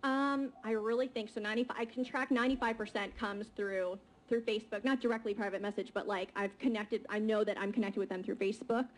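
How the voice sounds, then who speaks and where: A woman's voice: medium pitch, fairly even intonation, fast talker, few pauses, low-quality recording. A woman from Maryland, a real estate agent, talking in a chatty, free-flowing way with many fillers. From Maryland, USA. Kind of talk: casual panel talk.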